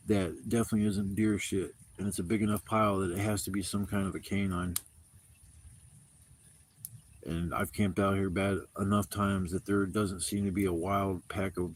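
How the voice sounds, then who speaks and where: A man's voice: low voice, slight background noise. Profane man telling camping stories. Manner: profane, rambling storyteller. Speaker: camping livestreamer. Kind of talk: casual storytelling livestream. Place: outdoor campsite.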